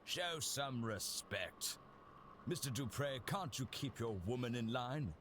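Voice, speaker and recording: An actor playing a disapproving, old-fashioned gentleman in a game, scolding and condescending. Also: mid-range voice, expressive, slow, slight background noise. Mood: scornful.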